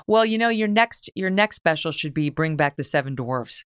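A woman hosts a casual interview, tossing out wry follow-up questions. Her voice sits low and sounds smooth and clear. The recording is dry and close. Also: expressive, normal speed, no room sound. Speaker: host.

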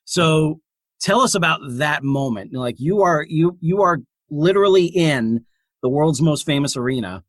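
Male host, somewhat higher voice, dry close sound, prompts guest to tell stories. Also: animated, unhurried, no room sound. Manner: encouraging, asks guiding questions. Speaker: podcast host. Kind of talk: interviewing.

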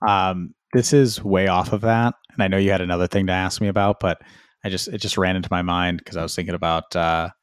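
A man's voice: low voice, fairly even intonation, brisk, clean tone, no room sound, clean studio sound. A man co-hosting a podcast, telling stories in a sheepish, self-deprecating way with frequent laughs. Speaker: podcast co-host. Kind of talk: casual chat.

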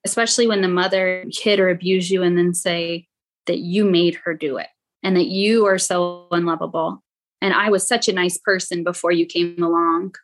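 A young adult woman, a podcast guest, telling her own painful story in a halting way, with many "like" fillers. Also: lowish voice, steady tone. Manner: halting, frequent "like" fillers, quotes others in raised voice. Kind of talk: emotional personal storytelling.

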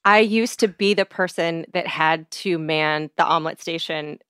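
A woman's voice: low-pitched, normal speed, fairly bright tone, clear, resonant tone, no echo, clean studio sound. A woman guest on a podcast, chatting casually and telling stories with lots of filler words. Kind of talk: casual chat.

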